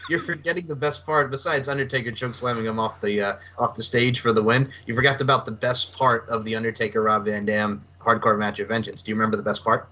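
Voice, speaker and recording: A man co-hosting a podcast who tells stories in an animated, jokey way. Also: medium pitch, quick pace, hardly any pauses, highs cut off, slight background noise. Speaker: podcast co-host and quiz contestant. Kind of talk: casual chat.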